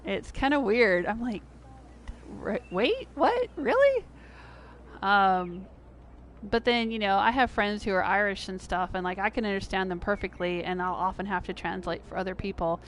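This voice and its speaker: A middle-aged American woman chatting casually on a game livestream. She laughs often and jumps to a high pitch when she is surprised. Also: fairly even intonation, fairly quick, few pauses, a little hiss or hum. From United States. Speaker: game streamer.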